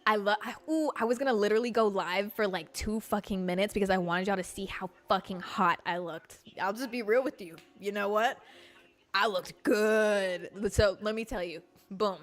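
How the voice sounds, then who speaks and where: A young woman hosting a casual livestream, telling stories in an animated, chatty way full of fillers and swearing. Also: medium pitch, fairly quick, few pauses. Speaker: livestream host.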